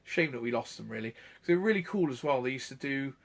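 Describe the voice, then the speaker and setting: A man's voice: medium pitch, lively intonation, quick pace. Male vlogger, late thirties, easygoing rambling storyteller with fillers and laughs. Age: 30s. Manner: rambling anecdotes with frequent fillers and chuckles. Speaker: retro gaming channel host. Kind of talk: casual chat.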